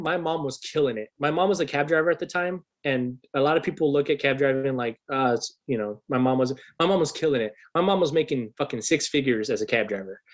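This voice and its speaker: A man in his thirties, a musician guest on a podcast, telling a story in a casual, swearing, animated way. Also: on the high side. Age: 30s. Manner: swears freely, animated retelling.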